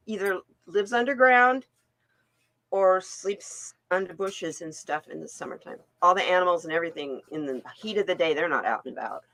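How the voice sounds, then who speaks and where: Older woman, live stream host, lively swooping voice, dry close sound, casual chatty storytelling. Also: fairly low pitch, normal speed, dry recording, poor audio. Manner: animated storyteller, acts out voices in her anecdotes. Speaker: tarot reader hosting a live stream. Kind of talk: casual chat.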